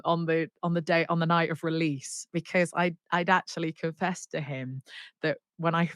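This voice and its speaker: A woman singer-songwriter telling her story as an interview guest, animated and full of restarts, acting out what people said. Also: low-pitched, no room sound, studio quality. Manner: animated, acts out quoted dialogue, many restarts.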